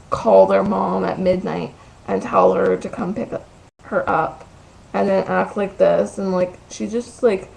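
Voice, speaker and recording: A woman's voice: fairly low pitch, vocal fry, darkish tone, poor audio. A woman vlogging from her bedroom, telling a gossipy, profane story full of "like" in a casual ranting way.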